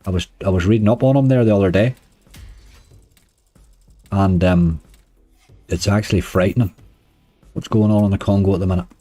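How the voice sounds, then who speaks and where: Hoarse Northern Irish man, chatty streamer. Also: low-pitched, fairly even intonation, moderate pace, long pauses, dark tone, no room sound. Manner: chatty, uses "wee" and "like" often. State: hoarse, dry throat. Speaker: slots streamer. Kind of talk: casual live-stream chat.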